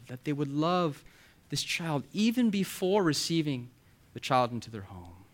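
A male pastor delivers a sermon with earnest emphasis, slowing down to stress key words. His voice sits in a middle register, and he sometimes sinks into a soft, near-whispered hush to drive a point home. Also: medium pitch.

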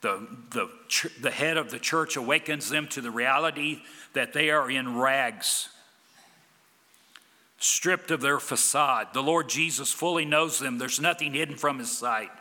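A man preaching a sermon as a pastor, emphatic, with big swings from loud declarations to quiet, low lines. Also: unhurried, in a large hall.

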